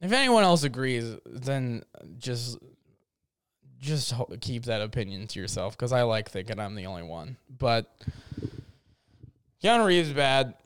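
A man's voice: medium pitch, sing-song, measured pace, pauses often, clear, resonant tone, dry recording, studio quality. A young man telling a rambling, jokey story in a casual vlog, full of fillers and restarts. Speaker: vlogger.

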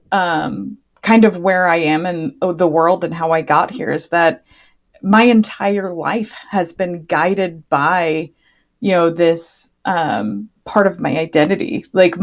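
Reflective young woman guest, low voice. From United States. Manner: relaxed, reflective, with many fillers. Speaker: podcast guest, medical student. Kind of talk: casual conversation.

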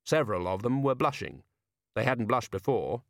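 A man narrating an audiobook with a wry, measured reading. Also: mid-range voice, lively intonation, no echo, clean studio sound. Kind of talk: scripted narration.

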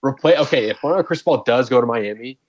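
A man co-hosting a podcast chats casually about college football, animated and often bursting into laughter and disbelieving exclamations. His mid-range voice moves fast, and the dry recording, with no room sound, is dull and slightly lo-fi.

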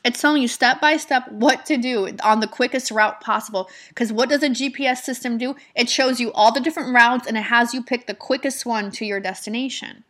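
Casting: woman motivational coach, higher voice, bright and punchy, blunt and repetitive. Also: fairly quick, few pauses. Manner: emphatic, repetitive, swears casually. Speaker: manifestation mentor. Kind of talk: motivational monologue.

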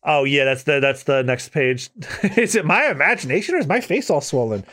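Lively high-voiced man chatting casually. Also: a little fast. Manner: chatty, with many fillers. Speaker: podcast co-host. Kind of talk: casual chat reading manga aloud.

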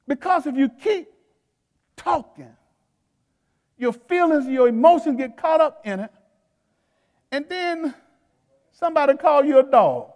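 A man's voice: very high voice, lively intonation, unhurried, long pauses, darkish tone, long reverb tail. A man preaching a sermon to his congregation in a folksy, conversational way, talking straight to the crowd and laughing between points. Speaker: pastor.

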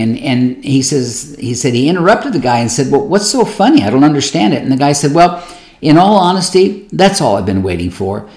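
Man, pastor, conversational sermon, middle-pitched voice, acts out quotes, roomy echo. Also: a little mellow. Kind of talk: sermon storytelling.

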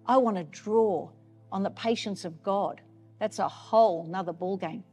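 A woman's voice: mid-range voice, measured pace, warm tone, breathy edge, faint music behind. A woman pastor preaching a sermon in an earnest, emphatic way, repeating key phrases.

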